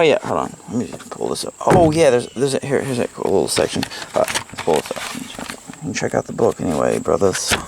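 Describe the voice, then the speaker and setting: A man's voice: low-pitched, vocal fry, background noise. A man giving a casual, rambling book report at home, swearing freely and laughing at his own jokes. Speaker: book reviewer. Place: at home, with pets around.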